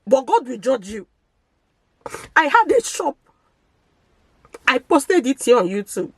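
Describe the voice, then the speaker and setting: A woman's voice: sits high, very animated, takes it slowly, pauses often, fairly bright tone, husky, no room sound, poor audio. A Nigerian woman vlogger, crying as she makes a pleading, wounded confession to camera in a village church compound. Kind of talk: emotional personal confession to camera.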